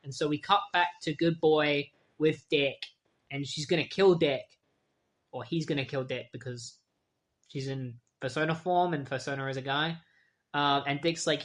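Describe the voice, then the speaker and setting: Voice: medium pitch, fairly even intonation, moderate pace. A comic book reviewer giving a casual, chatty recap full of fillers and wry asides.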